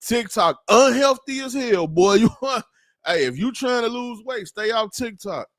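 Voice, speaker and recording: High-voiced man ranting on a livestream. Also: unhurried, no echo, clean studio sound. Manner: animated, slangy, rambling. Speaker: livestream host. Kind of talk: casual livestream rant.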